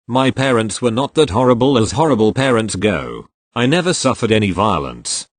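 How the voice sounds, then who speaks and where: A man reading online posts aloud in scripted narration, with an even, matter-of-fact delivery that spells out abbreviations. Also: on the low side, no room sound. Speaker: story reader.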